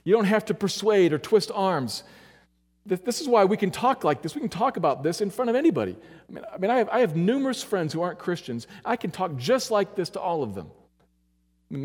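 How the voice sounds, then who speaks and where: Earnest male preacher in a reverberant hall. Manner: earnest, emphatic, swings between loud urging and quiet low stretches. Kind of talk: sermon.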